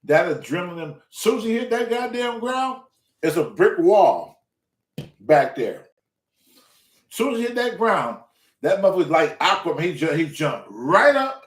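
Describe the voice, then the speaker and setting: A high-pitched man tells a neighborhood story, swearing freely and hammering each point with emphasis. His voice rings out in a roomy, echoey space. He talks as the host of a casual talk show. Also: measured pace, recorded from a distance. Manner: profane, emphatic and animated. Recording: roomy echo.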